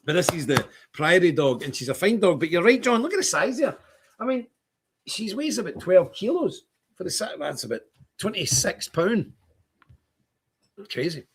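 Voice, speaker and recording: A man's voice: high-pitched, very animated, moderate pace, long pauses, slightly rough. An older man from Britain, hosting a stream with a fiery, preachy, defiant rant. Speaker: streamer host. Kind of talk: impassioned livestream rant.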